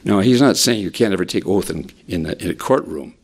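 A man preaching a sermon with animated delivery, climbing in pitch for emphasis and dropping to a hush, often repeating words as he restarts. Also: a little fast, vocal fry, slightly rough.

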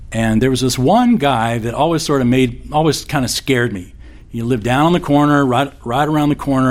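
Male pastor, sermon, chatty and folksy, corny humor, mid-range voice. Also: medium pitch. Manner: conversational, folksy with corny jokes.

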